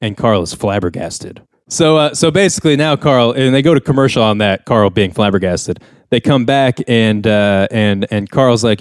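A young man chatting on a podcast, retelling a sitcom episode in a loose, rambling way and jumping into the characters' lines. His voice sits at an ordinary mid pitch. The sound is dry and close. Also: moderate pace, no echo. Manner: rambling storyteller, acts out characters' lines with raised voice. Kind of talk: casual chat.

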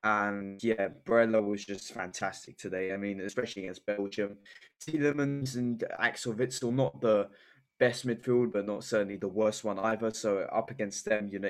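A man with a fairly low voice talks football on a casual podcast. He hesitates and stacks up fillers, then bursts into excited praise for the game. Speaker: podcast co-host.

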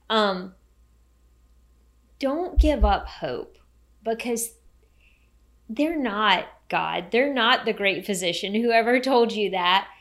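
A woman co-hosts a podcast in a relaxed conversational style. Her voice sits at a middle pitch, and she speaks earnestly and encouragingly. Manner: enthusiastic, encouraging, faith-tinged. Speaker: podcast co-host.

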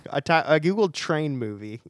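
A man in casual podcast banter, teasing and playful. His pitch moves a lot, up and down, across each sentence. The sound is dry and close. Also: animated, moderate pace, no room sound. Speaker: podcast co-host.

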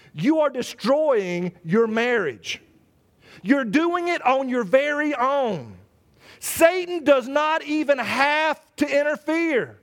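A man preaching a sermon in an animated way, stammering and restarting, and acting out the voices he quotes. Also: very high voice. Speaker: pastor.

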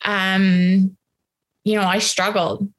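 A woman guest telling a personal story, emotional and halting, with many restarts. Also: medium pitch, little pitch movement.

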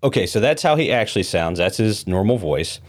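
A man's voice: fairly low pitch, expressive, a little fast. A man hosting a podcast with opinionated, dismissive commentary. He often stumbles over repeated words and fillers. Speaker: podcast host.

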